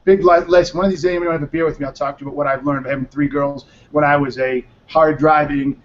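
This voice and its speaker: A man's voice: on the high side, fairly even intonation, quick pace. A man hosting a casual live web show. He is tired and talks in a loose, rambling, profane way. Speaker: show host. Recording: dull lo-fi stream audio.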